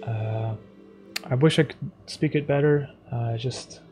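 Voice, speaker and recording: A man chats casually on a live stream while he works on a drawing. He speaks softly and meanders, filling pauses with "uh" and "like," at a middling pitch. Faint music plays in the background. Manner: soft-spoken and rambling, with many fillers. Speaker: streamer and animator.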